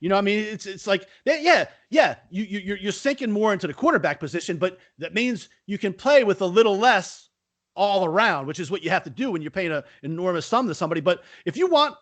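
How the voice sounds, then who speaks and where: A man co-hosting a casual sports podcast, talking in a lively way full of rhetorical questions. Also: high voice, fast, dry recording. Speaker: podcast co-host.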